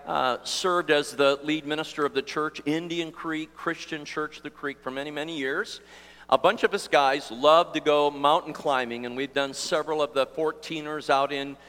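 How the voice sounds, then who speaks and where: A man's voice: a little high, fairly bright tone. A pastor in his sixties preaching a live sermon, telling a self-deprecating story in a chatty, conversational way. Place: church sanctuary before a congregation. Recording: long reverb of a church hall.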